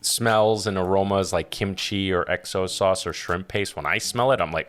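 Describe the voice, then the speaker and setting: A man, a chef, giving casual commentary over a cooking clip, chatty and quick to exclaim and laugh. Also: low-pitched, a bit bright. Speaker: chef reacting to a video.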